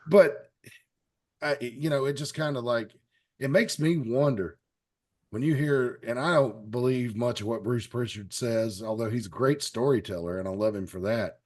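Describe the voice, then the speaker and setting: A man's voice: mid-range voice, normal speed, darkish tone. A man hosting a wrestling panel show, talking in a rambling, wry, joking way. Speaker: podcast host. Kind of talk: casual chat.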